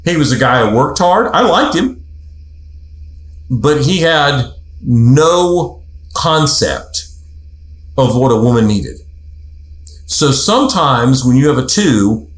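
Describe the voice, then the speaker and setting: Male counselor, casual storyteller, middle pitch, echoey room. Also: animated, normal speed, pauses often. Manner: conversational, storytelling, acts out quotes. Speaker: host, relationship counselor. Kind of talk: casual podcast talk. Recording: roomy echo.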